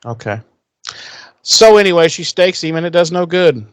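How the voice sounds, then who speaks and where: Guy recapping an episode on a podcast, cursing, animated, dry close mic. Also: a little high, moderate pace, smooth, no room sound. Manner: profane, animated retelling with acted quotes. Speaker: podcast co-host. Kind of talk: casual chat recapping a TV episode.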